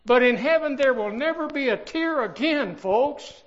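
High-voiced older preacher. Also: male voice, lively intonation, a bit bright, dull audio. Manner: emphatic preaching with swells in volume and slowed stresses. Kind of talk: sermon.

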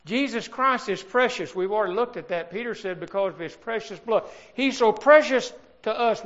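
A man's voice: high voice, lively intonation, a bit bright, highs cut off. An older man preaching a sermon, swelling in volume and drawing out key words. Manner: emphatic preaching with swells in volume and slowed stresses.

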